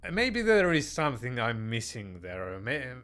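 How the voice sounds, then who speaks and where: A man's voice: medium pitch, sing-song, normal speed, a bit bright. A man playing a text strategy game. He reads the game text aloud and comments in a hesitant way, with many fillers and restarts and joking mock-tyrant verdicts. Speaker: game player.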